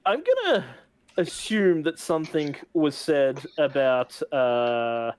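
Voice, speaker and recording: A man's voice: fairly high pitch, big pitch swings, slow pace, a little mellow, clear, resonant tone. A man casually recapping the last session of a tabletop game, rambling with many fillers and laughs. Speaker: game master.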